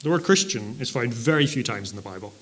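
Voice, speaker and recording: A man preaching a sermon, explaining a passage in a measured teaching manner, with occasional fillers and stressed repetitions. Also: mid-range voice, animated, a bit bright.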